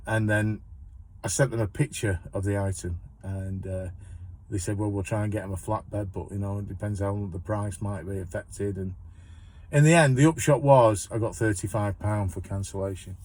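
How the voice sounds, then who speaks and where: A van courier tells a long, chatty story about his job, his low voice moving at a normal speed. It's casual storytelling, rambling, and he keeps restarting his sentences.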